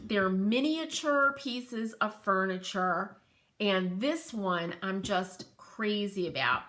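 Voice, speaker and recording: Excitable woman, New England twang, bright forceful voice, high-ish, livestream host chatting with viewers. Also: a little hiss or hum. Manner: gushing, excitable, laughs often. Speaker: host of a furniture painting livestream. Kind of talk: livestream show and tell, reading viewer comments.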